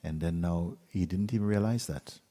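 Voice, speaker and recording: A man, a spiritual teacher, telling a fable to an audience in an unhurried way, with pauses, sometimes dropping to a hushed whisper. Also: low-pitched, long reverb tail. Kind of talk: storytelling talk to an audience.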